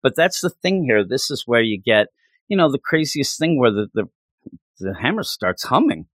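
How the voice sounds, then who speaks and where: A man's voice: medium pitch, sing-song, moderate pace, fairly bright tone, no room sound. A man co-hosting a casual chat, talking with enthusiastic rambling and acting out lines from the story. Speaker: comic book podcast co-host.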